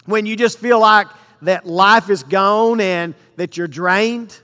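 A man preaching a sermon, reading scripture verses slowly and then explaining them with emphasis. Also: high voice, sharp tone, clear, resonant tone. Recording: long hall reverb.

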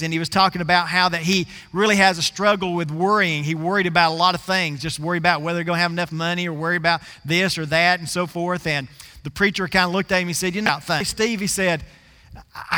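A man's voice: sits high, bright, forceful tone, in a large hall. A man preaching a sermon, telling a folksy story and stretching out scripture words for emphasis.

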